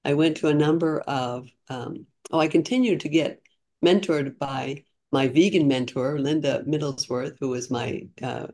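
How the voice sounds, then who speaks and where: A woman's voice: low voice, normal speed, darkish tone. A woman in her sixties, a podcast guest, telling her story in a chatty, earnest way with frequent restarts. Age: 60s. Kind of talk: casual storytelling interview.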